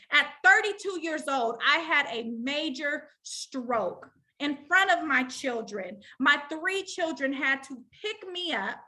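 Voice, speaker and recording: A woman's voice: high-pitched, bright, forceful tone. A woman in her forties coaching a live online audience, preaching with call and response. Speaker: life coach. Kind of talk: live online motivational session.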